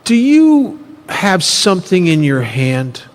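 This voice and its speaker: A man voicing a patient male paramedic who coaxes a frightened child softly, in a reverberant hall. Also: high-pitched, sing-song, slow pace, heavily acted. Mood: coaxing. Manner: soft, coaxing.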